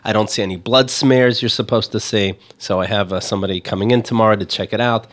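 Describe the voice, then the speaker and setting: Hesitant low-voiced man telling a story. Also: steady tone, fast. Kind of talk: casual podcast chat.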